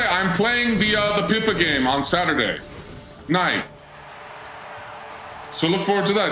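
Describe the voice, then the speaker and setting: Bright-voiced streamer, playful. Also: male voice, high voice, expressive, a little slow, long pauses. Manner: playful, teasing, mock-grandiose. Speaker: streamer, channel host. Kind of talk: live-streamed gameplay commentary and chat banter. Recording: roomy echo with game music underneath.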